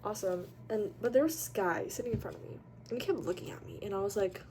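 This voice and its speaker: A young woman telling a story in a casual vlog, chatty and animated, with lots of "like" and free swearing. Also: mid-range voice, fast talker, hardly any pauses, slight background noise. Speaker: vlogger.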